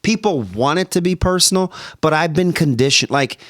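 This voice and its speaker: A man, a former football player appearing as a podcast guest, telling stories in a relaxed conversation. He acts out both sides of his phone calls and keeps saying "like" and starting over. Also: fairly high pitch, moderate pace, no echo, studio quality. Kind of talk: animated storytelling in conversation.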